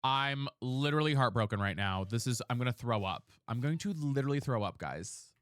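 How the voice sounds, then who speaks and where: A man's voice: mid-range voice, animated, a little fast, fairly bright tone, slight background noise. A man chatting casually on a live game stream, dramatic and chatty, thanking viewers by name. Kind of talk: casual live-stream chat while gaming.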